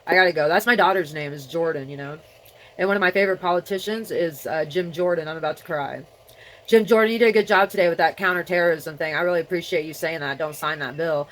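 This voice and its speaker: Middle-aged lady vlogging solo, kinda low voice, scattered rambly talk, faint hiss behind. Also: fast talker. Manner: scattered, talking to herself, trailing off. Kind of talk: rambling solo video chat.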